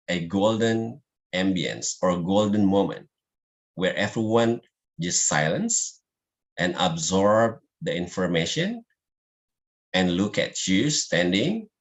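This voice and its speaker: Guy teaching public speaking online, low voice, talks real slow, non-native english. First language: Indonesian. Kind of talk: online class presentation.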